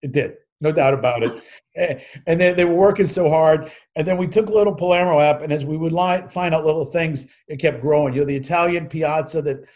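Upbeat man with a higher voice. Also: a little fast, a little mellow. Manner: enthusiastic, rambling, stumbles on words. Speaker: co-host. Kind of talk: casual talk-show chat. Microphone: video call.

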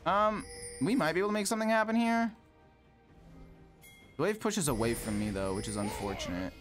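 A man's voice: on the high side, animated, brisk. A man live-streaming gameplay, ranting in exasperation and swearing often as he plays. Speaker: gaming streamer. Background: game music and sound effects.

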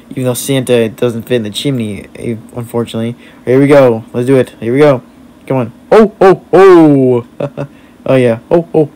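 A man giving goofy, excited commentary over his own game playthrough, exclaiming often. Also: mid-range voice, slight background noise. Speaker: gamer narrating a playthrough. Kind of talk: excited let's-play commentary.

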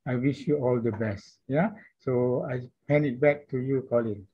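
Brief: male chairperson, husky voice, dull online sound, formal wishes. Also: medium pitch, normal speed. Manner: well-wishing, formal. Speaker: chair of the event. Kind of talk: closing remarks of a speech.

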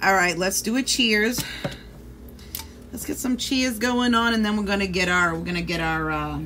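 A woman's voice: medium pitch, moderate pace, sharp tone, soft background music. A woman chatting casually on a livestream, swearing freely and greeting viewers by name. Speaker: vlogger.

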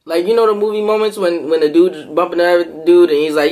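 A man vlogging to camera, telling a story in a lively, animated way and jumping into quoted voices, with features. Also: high-pitched, fast talker. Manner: animated, jumps into quoted voices, laughs often. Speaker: food vlogger.

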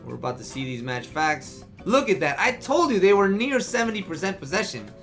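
Gaming YouTuber, male, high and lively delivery, casual slangy play-by-play over a desk mic. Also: fairly quick, faint music behind. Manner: excitable, frustrated, says "man" and "yo" often. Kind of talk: live gameplay commentary.

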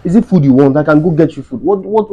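A man's voice: fairly high pitch, fast, husky, muffled recording. A man playing a worried young Nigerian husband in a comedy skit, coaxing and exasperated with his mother.

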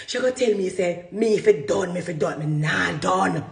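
With a fairly low, gravelly voice and lively intonation at normal speed, a woman vlogger rants to camera in a Jamaican Patois accent. She's fiery and defiant, driving her points home with repetition, and the sound is reverberant.

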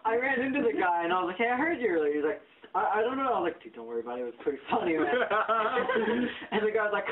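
A man tells a profane work story on a casual podcast, jumping between voices as he quotes people. His pitch swings widely, and the audio is tinny and narrow like a phone line. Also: quick pace, distant mic, a crowd in the background. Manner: animated, profane, acts out quotes. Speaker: podcast host.

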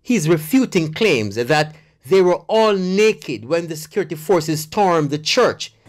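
Reporter voiceover, mid-pitched, formal and measured news read. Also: expressive. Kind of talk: scripted news narration.

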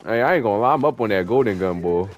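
A young man commentating his online gameplay, taunting and cursing at opponents in an excitable, profane way. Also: fairly low pitch, fast talker. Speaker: gamer streaming online play. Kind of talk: trash-talking gameplay commentary.

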